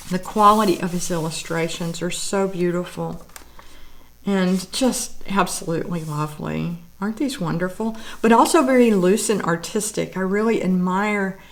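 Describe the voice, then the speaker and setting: With a lowish voice at a measured pace, this artist and vlogger walks through her art books in a casual show-and-tell. Her praise is effusive and she lingers on it, her voice audibly teary.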